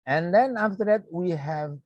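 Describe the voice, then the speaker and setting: A man with an Indonesian accent teaching English grammar in an online lecture. He talks slowly and repeats points, checking in with a frequent "yeah". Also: high voice, no echo, dull audio.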